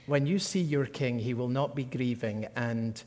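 A man preaching a sermon, earnest, rising to emphatic peaks and then dropping soft, heard in a large church hall. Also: medium pitch, unhurried. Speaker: pastor. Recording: long hall reverb.

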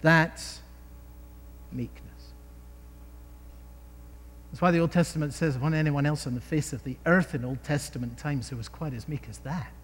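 A man preaching a sermon in an expressive way, asking the listeners rhetorical questions and pausing for effect. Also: on the high side, in a large hall, slight background noise.

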